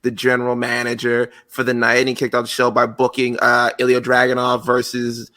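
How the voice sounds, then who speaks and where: Podcast co-host: a man with a bright, mid-pitched voice, loose and profane, given to quick impressions. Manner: profane, animated, does quick impressions of others. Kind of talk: casual chat.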